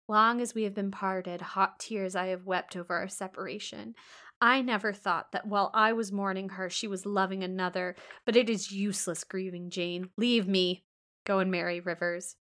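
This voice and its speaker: A woman reading the part of a blind, brooding older gentleman, melancholy and self-pitying, in a storybook reading. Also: medium pitch, natural voice.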